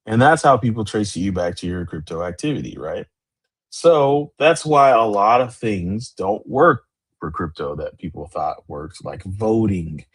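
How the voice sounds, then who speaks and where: A man's voice: on the low side, measured pace, breathy edge. A man in his forties hosting a podcast, chatting loosely and rambling on a live stream. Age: 40s. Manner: loose, rambling, animated greetings. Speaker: podcast host. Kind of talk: casual livestream chat.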